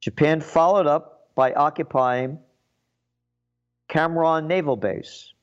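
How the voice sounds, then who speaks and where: A man delivers a solo rant, full of sarcasm and indignant emphasis. His voice sits fairly high for a man. The recording is muffled and lo-fi. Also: slow pace, clear, resonant tone. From the Bronx, New York. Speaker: commentator. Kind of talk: ranting solo commentary.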